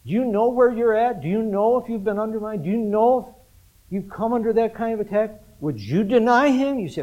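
A man's voice: high-pitched, brisk, muffled recording. A man preaching an interactive sermon, talking casually, asking the congregation questions and chuckling often. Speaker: pastor.

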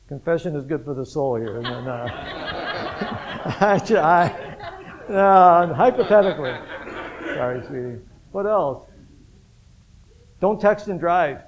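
A man's voice: fairly high pitch, a little hiss or hum, poor audio. A man preaching an interactive sermon, talking casually, asking the congregation questions and chuckling often. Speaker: pastor.

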